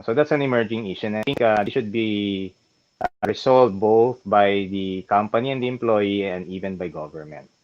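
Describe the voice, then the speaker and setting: A man with a Filipino accent, a lawyer guest explaining calmly and adding "no?" to check understanding. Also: lowish voice, dull audio. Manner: measured and explanatory, with frequent tag "no?". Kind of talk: casual interview answers mixing English and Tagalog.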